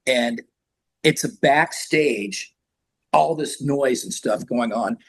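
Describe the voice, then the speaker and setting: An older man with a husky voice, chatting casually as an interview guest, rambling through stories and acting out sounds and quotes. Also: mid-range voice, slow. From San Francisco Bay Area. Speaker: rock singer, interview guest.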